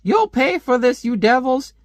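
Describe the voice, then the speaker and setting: A man voicing an angry old woman driver who yells shrilly at the men who knocked her down. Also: lively intonation, unhurried, dry recording, studio quality. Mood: outraged. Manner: shrill, outraged yelling.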